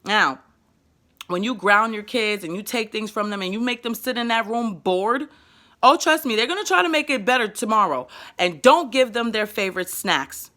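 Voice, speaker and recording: Fast-talking New York woman in her twenties. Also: on the high side, animated, sharp tone. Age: 20s. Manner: fast-talking, emphatic, stumbles and repeats words. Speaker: parenting vlogger. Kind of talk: direct-to-camera advice vlog.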